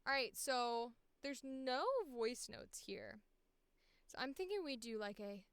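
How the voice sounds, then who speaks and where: Woman voice actor, candid and profane, hiccuping, smooth, dry close sound. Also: a little high, slow, no room sound. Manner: candid, profane, self-deprecating. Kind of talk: casual audition commentary.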